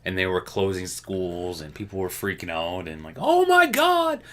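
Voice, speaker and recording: A man from Canada co-hosting a casual news chat, animated and swearing, acting out quotes in high voices. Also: moderate pace. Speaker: podcast co-host.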